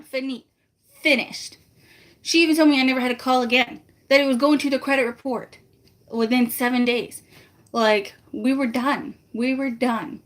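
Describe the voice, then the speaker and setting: A woman with a fairly high voice tells a story to her live viewers in a loose, chatty way. She sounds exasperated and animated, and she slips into the voices of the people on the other end of the phone calls. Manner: acts out both sides of phone calls. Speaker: family vlogger.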